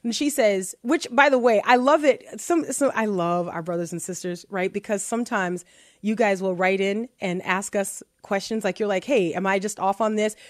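A woman hosting a faith-based talk show. She speaks in an animated way, often laughs and restarts her sentences. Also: medium pitch, normal speed, no room sound, clean studio sound. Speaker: podcast host.

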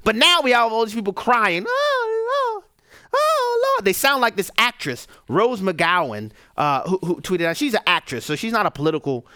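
A man's voice: high voice, lively intonation, a little fast, hardly any pauses, pushed and bright, dry recording, studio quality. A man hosting a radio talk show, giving emphatic political commentary and firing off rhetorical questions. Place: radio studio.

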